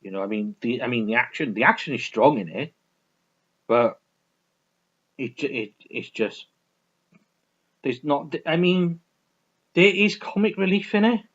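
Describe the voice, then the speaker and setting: A man talks through his favourite films in a loose, rambling way, restarting often and swearing now and then. His pitch moves a lot, rising and falling with his enthusiasm. The recording sounds dull and lo-fi. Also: animated, a little slow, pauses often, fairly bright tone. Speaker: film reviewer. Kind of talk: casual film review vlog.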